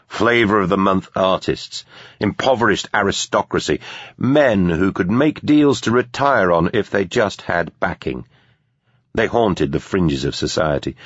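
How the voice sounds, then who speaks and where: A man reading a novel aloud in steady, measured scripted narration. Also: low voice, breathy edge, no room sound. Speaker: audiobook narrator. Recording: dull, lo-fi dry recording.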